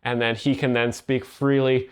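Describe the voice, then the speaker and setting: A young man explains comedy bits in a flat, mock-serious commentary, delivering absurd statements as if they were sensible advice. His voice is smooth and clean, sitting at an ordinary male pitch. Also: normal speed. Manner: deadpan, mock-earnest, sarcastic. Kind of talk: deadpan ironic commentary.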